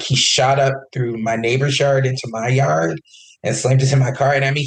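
A man's voice: medium pitch, reverberant, rough recording. A man on a podcast, telling a personal story in casual chat and quoting the people in it. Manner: animated, quotes others in his retelling. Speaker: podcast co-host.

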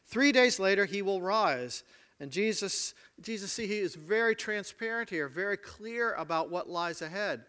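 Male pastor, high bright voice, dramatic sermon storytelling. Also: animated, normal speed, clear, resonant tone. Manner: dramatic storytelling, swings from loud to hushed.

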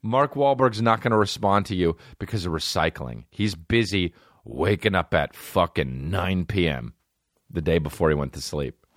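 A man's voice: low voice, expressive, normal speed, dry recording. A man hosting a comedy podcast from his home studio, riffing with lots of swearing. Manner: profane, riffing, jumps into silly voices. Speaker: podcast host. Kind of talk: casual comedic chat.

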